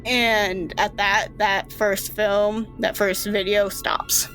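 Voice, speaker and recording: A woman's voice: medium pitch, fairly even intonation, slow pace, a bit bright, soft background music. Woman narrating as game master. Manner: casual, rambling narration with fillers.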